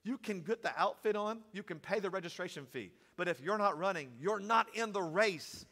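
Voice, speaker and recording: A man preaches a sermon in a high, bright voice. He swings from calm teaching to loud, emphatic preaching. A long reverb from the hall trails his words. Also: normal speed, hardly any pauses.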